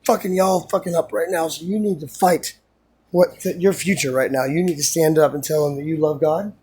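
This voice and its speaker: A man's voice: fairly high pitch, steady tone, a little fast, a little mellow, husky. A man vlogging in a rambling, unscripted monologue, intense and full of swearing.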